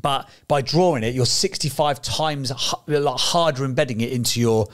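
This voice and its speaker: A man's voice: medium pitch, normal speed. A man from England co-hosting a podcast, chatting casually in a rambling, sweary way. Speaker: podcast co-host. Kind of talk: casual chat.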